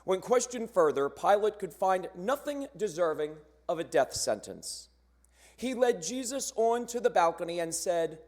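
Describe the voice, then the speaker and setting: A man narrating a church cantata in a measured, solemn storytelling manner, posing rhetorical questions as he goes. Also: high voice, big pitch swings, a little mellow. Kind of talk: scripted dramatic narration. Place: church sanctuary during a choir performance.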